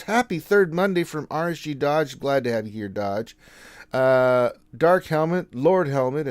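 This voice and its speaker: A man hosting a casual gaming livestream, reading out viewer greetings and answering them in a relaxed, chatty way. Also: medium pitch, no echo. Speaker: game streamer host.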